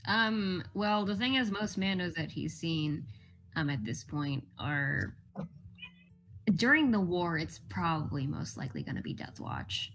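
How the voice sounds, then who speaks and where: A woman's voice: fairly low pitch, lively intonation, measured pace, fairly bright tone, faint music behind. A woman acting as game master, chatting casually and teasing her players after a session over voice chat. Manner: teasing, laughing.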